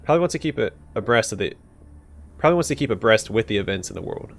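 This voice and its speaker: A man voicing a gruff, irritable middle-aged pimp in a video game, speaking curtly and with dry scorn. His voice moves widely in pitch and has a gravelly edge. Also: lively intonation, fast talker.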